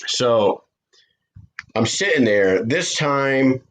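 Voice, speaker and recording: A man hosting a podcast, chatting casually and telling a profane, animated story. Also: mid-range voice, very slow, poor audio. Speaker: podcast host.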